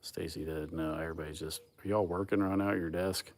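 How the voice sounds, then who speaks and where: Man hosting a loose live chat; deep voice, foul-mouthed, chuckling storyteller. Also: fairly even intonation, quick pace, darkish tone. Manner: profane, laid-back, laughs often. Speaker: livestream host. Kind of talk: casual chat, rambling storytelling.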